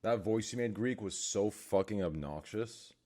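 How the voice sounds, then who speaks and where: A man chatting on a streamed podcast over a voice call, loud and swearing, with bursts of excited shouting. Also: on the low side, moderate pace. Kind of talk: casual podcast chat.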